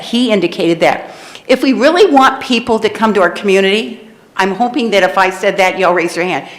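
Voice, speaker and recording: A woman speaking at a city council public comment, impassioned and preachy, rambling a little, at a podium microphone in a council chamber. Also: lowish voice.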